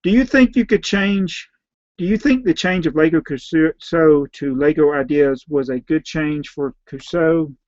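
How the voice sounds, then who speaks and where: A man with a Southern US accent, a slightly hoarse YouTube host who reads out viewer names and questions and answers them in a rambling, offhand way. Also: on the high side, unhurried, darkish tone, no echo, muffled recording. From Southern United States. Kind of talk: casual live Q&A.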